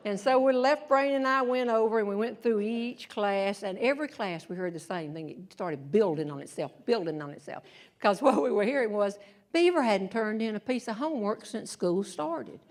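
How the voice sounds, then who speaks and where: An older woman, a humorist and speaker, telling a story on stage in an animated, wry way and acting out the quotes with exaggeration. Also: mid-range voice, normal speed. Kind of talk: stand-up storytelling.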